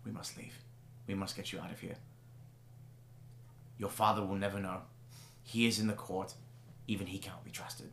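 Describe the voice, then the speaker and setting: A man's voice: low-pitched, flat delivery, moderate pace, creaky, pauses often, a bit bright, a little hiss or hum. Man voicing a prim, indignant elf mother. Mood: urgent. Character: flustered middle-aged mother, a scholar with an office. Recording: roomy echo.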